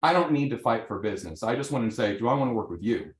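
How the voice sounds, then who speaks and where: A man teaching a live real estate seminar to an audience, animated, often checking in with "right?" and acting out sample conversations. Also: mid-range voice, fast talker. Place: training room with audience. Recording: roomy echo.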